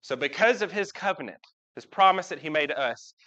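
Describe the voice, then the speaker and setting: A man preaching in a relaxed, folksy way, turning to the pews with questions. His voice sits a little high for a man. The church livestream audio is dull and muffled. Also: brisk. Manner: folksy, talks with the congregation, asks them questions. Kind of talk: casual sermon. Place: church sanctuary.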